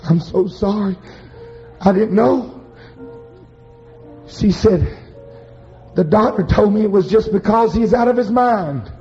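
A preacher with a high voice delivers a revival sermon in slow, drawn-out phrases. He swings from quiet storytelling to shouted, chanting peaks. The recording is muffled, with faint music behind him.

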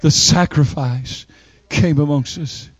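High-pitched emphatic male preacher. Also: no echo, highs cut off. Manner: emphatic preaching with dramatic pauses and rising pitch. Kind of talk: sermon.

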